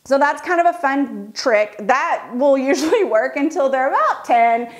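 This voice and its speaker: A woman photographer giving a casual tutorial, chatty and lively as she acts out how kids react. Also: sits high, a little slow. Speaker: children's portrait photographer.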